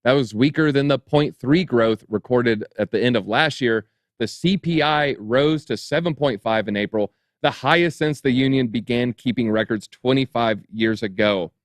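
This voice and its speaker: A man's voice: medium pitch, moderate pace, no room sound. A man co-hosting an online show, reading news articles aloud and dropping wry, sarcastic comments between passages. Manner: reads headlines, then adds dry sarcastic asides. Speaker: crypto show co-host.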